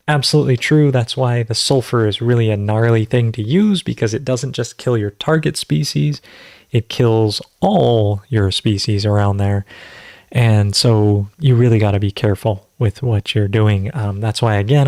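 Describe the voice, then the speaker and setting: A man's voice: medium pitch, a little mellow, no echo, studio quality. A man hosting a casual livestream Q&A, rambling and conversational, full of fillers as he teaches natural farming.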